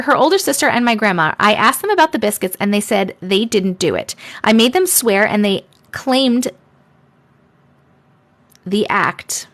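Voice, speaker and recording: A little high and a bit bright, this woman's voice is animated and moves at normal speed. Hosting a casual live stream, she reads viewer stories aloud with playful chatter and sarcastic asides through a desk microphone.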